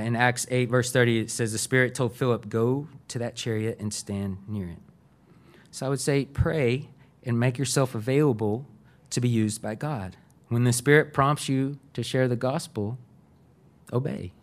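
A middle-aged man, a pastor giving a sermon in an earnest, conversational way. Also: mid-range voice. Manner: conversational, earnest, uses fillers.

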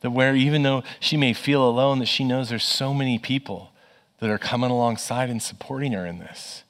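A man's voice: mid-range voice, brisk. A middle-aged man, a pastor, preaching a sermon in an earnest, conversational way, telling personal stories and repeating phrases for emphasis.

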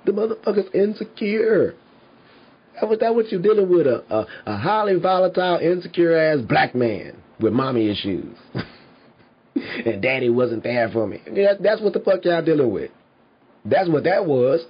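Heated husky man ranting. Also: fairly high pitch, big pitch swings, moderate pace. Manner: heated, emphatic, swears constantly, laughs between points. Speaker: commentary podcaster. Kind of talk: profane rant to viewers. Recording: slightly dull lo-fi sound.

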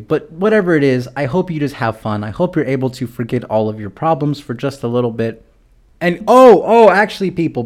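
A man's voice: medium pitch, darkish tone. Profane rambling young podcast host, man. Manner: rambling, profane, darkly joking. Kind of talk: casual solo podcast monologue.

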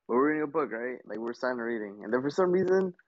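A man's voice: mid-range voice, expressive, racing, no room sound. A young man telling a story in casual chat, with loose stumbling restarts. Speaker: podcast co-host. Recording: dry, dull lo-fi sound.

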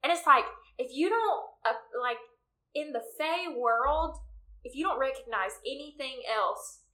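A woman's voice: high-pitched, measured pace, poor audio. A young woman in casual book chat, retelling scenes dramatically and acting out the characters' lines. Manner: animated, dramatic retelling with quoted voices. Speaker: book discussion co-host.

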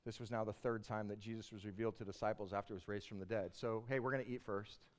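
A man's voice: lowish voice, fairly even intonation, quick pace. A man preaching a sermon, retelling a Bible passage in a casual, storytelling way and building to passionate emphasis. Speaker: pastor.

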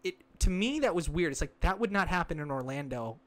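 A man with a fairly high voice chats about movies with a co-host. He tells stories in an animated, rambling way, full of fillers and restarts. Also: fairly quick. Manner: animated storyteller, lots of likes and restarts. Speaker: podcast co-host. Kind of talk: casual movie discussion.

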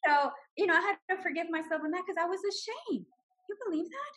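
A woman in her forties telling her personal story with animated emotion, laughing often. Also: very high voice, fast talker. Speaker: guest sharing her story. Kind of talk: personal testimony.

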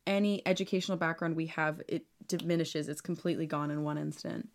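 A woman's voice: low-pitched, fairly even intonation, fast, vocal fry, a little hiss or hum. A woman co-hosting a podcast in casual chat, bubbly and teasing, laughing often. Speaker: podcast co-host. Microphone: call recording.

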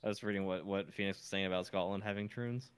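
A man co-hosting a casual podcast, hedging his points and trailing off quietly. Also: sits low, fairly even intonation, quick pace, smooth, no echo, clean studio sound. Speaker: podcast co-host. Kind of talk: casual chat.

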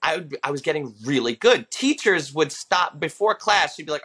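Brief: male comic in his 30s, bright tone, lively storyteller who drops into voices. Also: on the high side, a little fast, few pauses, slightly rough. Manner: animated storyteller who slips into character voices for quotes. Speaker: stand-up comedian guest. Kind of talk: casual interview storytelling.

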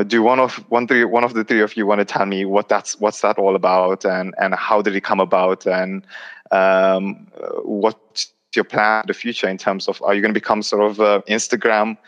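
A man hosting a podcast in casual chat, talking haltingly with many restarts. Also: fairly low pitch, fairly bright tone. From United Kingdom. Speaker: podcast host. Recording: dull lo-fi recording.

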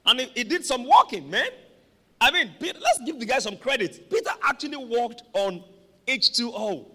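High, animated preacher in a hall. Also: male voice, moderate pace. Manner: dramatic, animated preaching with call-and-response. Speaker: pastor. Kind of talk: sermon. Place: church hall. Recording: long echo of a large hall.

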